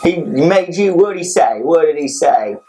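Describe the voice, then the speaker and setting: A man who interviews a guest in a hotel room in a deadpan, mock-serious manner. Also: fairly high pitch, measured pace.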